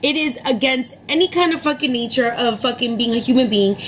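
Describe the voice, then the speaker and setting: Young woman, high voice, casual storytime rant, profane and heated, light room hum. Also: fast talker, hardly any pauses, poor audio. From New York City area. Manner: profane, heated, animated retelling. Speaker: vlogger telling a story.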